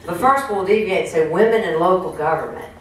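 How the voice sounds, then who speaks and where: A woman's voice: fairly low pitch, brisk. A woman giving a folksy motivational talk to a room, often putting questions to the audience. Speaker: speaker at a women's business network. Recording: echoey room, distant mic, faint noise.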